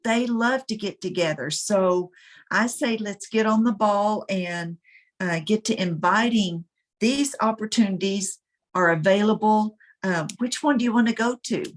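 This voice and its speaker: A woman's voice: medium pitch, a little slow. A woman leading a casual planning meeting, encouraging the group and stumbling over restarts. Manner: encouraging, with false starts. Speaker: group leader rallying members.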